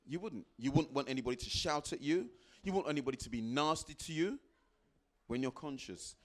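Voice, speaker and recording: A man giving a motivational talk to a live audience, repeating phrases for emphasis and acting out little exchanges with sudden jumps into a high voice. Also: fairly quick. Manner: animated, acts out little dialogues with sudden high jumps in pitch. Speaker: guest speaker.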